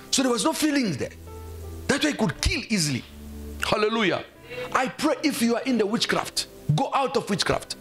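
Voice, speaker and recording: A man's voice: very high voice, a bit bright. A man preaching a sermon as pastor, emphatic and exhorting, often calling out hallelujah. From South Africa.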